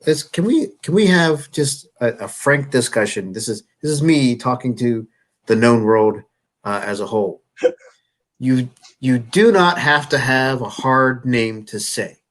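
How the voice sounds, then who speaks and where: A man hosts a relaxed chat, easygoing and laughing often as he reads out questions. His voice sits at an ordinary middle pitch. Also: a little slow. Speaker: host. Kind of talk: casual chat.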